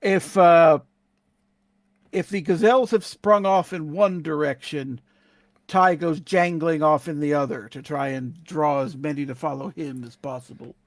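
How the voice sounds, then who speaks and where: A man playing a tabletop role-playing game, steady, often murmuring quiet affirmations. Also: fairly high pitch, measured pace, no room sound, clean studio sound. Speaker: player.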